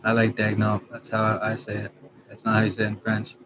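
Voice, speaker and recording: A man in his thirties from Canada, talking in a halting, rambling personal monologue, trailing off and correcting himself. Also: fairly low pitch, monotone, fairly bright tone, rough recording. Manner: halting, trails off, many restarts and self-corrections. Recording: background noise.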